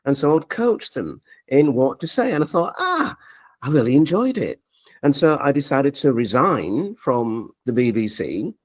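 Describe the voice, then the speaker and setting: A man in his forties tells stories as an interview guest, his pitch leaping up and down as he acts out who said what. He talks with lively animation. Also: moderate pace. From Leeds, England. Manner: animated storyteller, acts out quoted dialogue. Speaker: interview guest, media coach. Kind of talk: storytelling interview.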